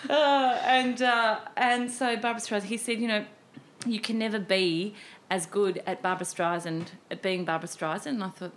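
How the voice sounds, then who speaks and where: A woman, a cabaret performer, chatting as a guest and telling animated stories about her career. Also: mid-range voice, normal speed, few pauses. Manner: animated, storytelling, acts out her past self. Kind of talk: casual chat.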